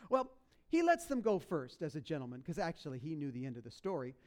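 A man with a high voice preaching a sermon. He tells a story with humor and energy and keeps breaking into playful character voices. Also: fast talker. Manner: animated, jokey storytelling with put-on voices. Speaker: pastor.

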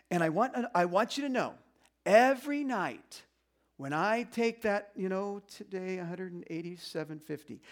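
A man preaching a sermon as pastor, in a conversational way, acting out little voices and quotes. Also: high-pitched.

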